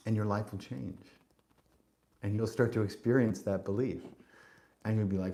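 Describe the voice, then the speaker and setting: A man's voice: lowish voice, normal speed, pauses often, warm tone. A man hosting a podcast, delivering a spiritual monologue in an emphatic, preachy way, cursing and restarting often. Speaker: podcast host.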